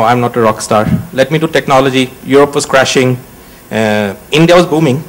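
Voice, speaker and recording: On a conference stage, a Swedish startup CEO in his forties introduces himself to the panel in short, choppy, joking phrases. He has a Swedish accent and a voice on the high side, and the audio is poor.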